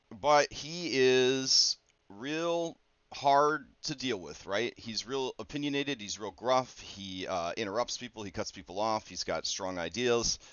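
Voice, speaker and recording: A man working as a game master, talking casually through his campaign prep in a rambling, conversational way with many fillers and quick asides. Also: medium pitch, fairly bright tone, clean tone, no room sound. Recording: dull, dry lo-fi recording.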